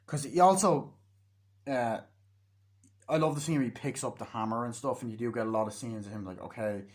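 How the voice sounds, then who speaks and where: A man's voice: mid-range voice, fairly quick. A man giving a casual, rambling film review, swearing freely and acting out scenes as he retells them. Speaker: movie reviewer.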